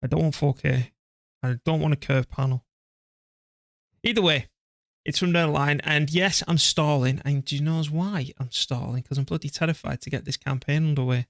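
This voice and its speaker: With a slightly high, steady voice at a moderate pace, a man gives live commentary on a strategy game. The recording is dry and studio quality, and he chats casually, teases himself, and talks back to his computer and the game.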